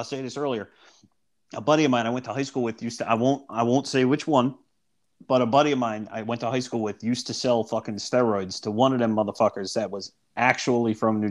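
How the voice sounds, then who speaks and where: A young man co-hosting a casual chat, full of slang and swearing, joking around. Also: medium pitch. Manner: slangy, profane, laughing banter.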